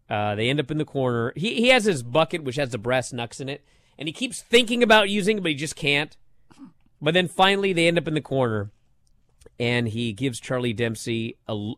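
A man co-hosting a wrestling podcast, talking in casual chat and getting worked up into loud disbelief. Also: mid-range voice, dry recording. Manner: animated, rising to loud disbelief. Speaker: wrestling show co-host.

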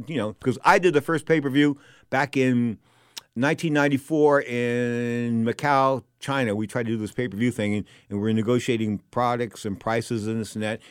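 A man's voice: medium pitch, no room sound, studio quality. An older man hosting a boxing talk show, giving casual commentary in a rambling, digressive way full of wisecracks.

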